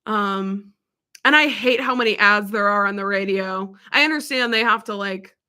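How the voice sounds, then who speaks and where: A woman's voice: medium pitch, moderate pace, sharp tone, smooth. A young woman on a live stream, answering viewers' questions in a rambling, casual chat full of "like" and "um". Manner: rambling and chatty, heavy on "like" and "um".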